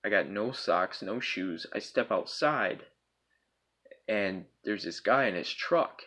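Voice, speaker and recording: A man's voice: lowish voice, animated, slow, bright, forceful tone. Rambling, foul-mouthed young man. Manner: profane, rambling, checks in with 'right?' and 'bro'. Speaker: storyteller. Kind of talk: casual storytime.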